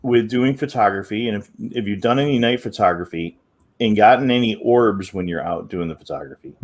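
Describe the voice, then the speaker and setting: A man's voice: on the low side, fairly quick. A man co-hosting a casual podcast chat, asking guests questions in a friendly way. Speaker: podcast co-host.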